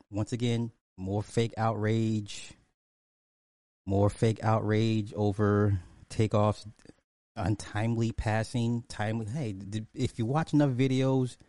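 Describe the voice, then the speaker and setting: A man hosts a casual commentary stream, drawing his words out slowly and repeating points for emphasis. His voice is dark and mellow. It is recorded dry, close to the mic. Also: fairly low pitch, no echo. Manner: drawling, repetitive, emphatic, chuckles often. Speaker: commentary show host.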